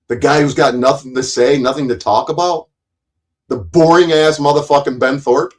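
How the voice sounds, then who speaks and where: A man's voice: mid-range voice, moderate pace, low-quality recording. Profane, taunting livestream man. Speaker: livestream host. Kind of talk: livestream chat rant.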